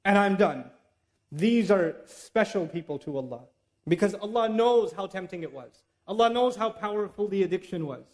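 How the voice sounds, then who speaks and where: High-voiced man giving an animated lecture. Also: normal speed. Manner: animated, conversational, mixes in Arabic recitation. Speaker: Islamic lecturer. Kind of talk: religious lecture.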